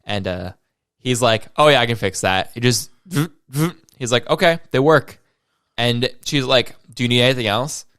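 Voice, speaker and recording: A man's voice: mid-range voice, normal speed, fairly bright tone, clear, resonant tone, no echo, studio quality. A young man co-hosting a casual podcast, telling a story with lots of swearing and quoted voices. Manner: swears a lot, tells stories with quoted voices. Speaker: podcast co-host. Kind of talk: casual chat.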